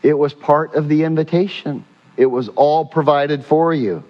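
A man's voice: a little high, moderate pace. Preaching man in an echoing church. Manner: emphatic preaching, rhetorical questions, repeated phrases. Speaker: pastor. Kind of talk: sermon. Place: church sanctuary. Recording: muffled sound with long hall reverb.

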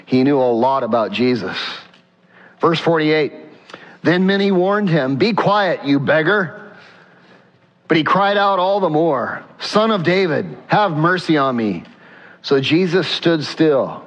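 A man preaches from the pulpit in an earnest voice, reading scripture aloud and pressing rhetorical questions on his listeners. His voice sits a little high for a man, and the sound is dull, carried on a long reverb through a church sanctuary. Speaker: pastor. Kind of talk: sermon.

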